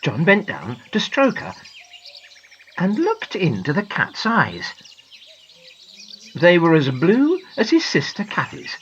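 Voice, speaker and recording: A woman narrating a children's storybook in a gentle, expressive manner. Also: on the low side, slow pace, pauses often, dull audio, slight background noise.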